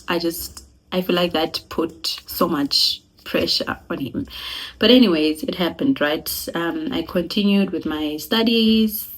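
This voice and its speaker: A young South African woman with a South African accent, telling her own story in a casual, animated vlog, laughing and switching between languages. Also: on the low side. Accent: South African (Sesotho-speaking). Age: young adult. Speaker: vlogger.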